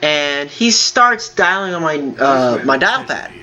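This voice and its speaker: A man hosting a gaming video, telling a long story in a halting, rambling way with many fillers while he plays. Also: on the high side, big pitch swings, sharp tone, dull audio. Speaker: gaming channel host. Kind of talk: telling a story over gameplay.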